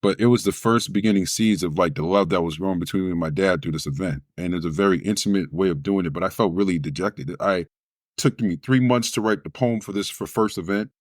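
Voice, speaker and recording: A man's voice: low voice, brisk, no room sound, clean studio sound. A man, a spoken word poet, telling a personal story in an interview and acting out the other people's voices as he goes. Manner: animated storyteller who acts out quoted voices.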